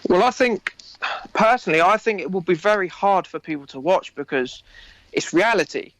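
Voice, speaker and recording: A man's voice: high voice, normal speed, fairly bright tone, no room sound, rough recording. Chatty Essex man, dry close sound. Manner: enthusiastic, rambling, laughs often. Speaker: actor interviewee. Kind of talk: casual interview chat.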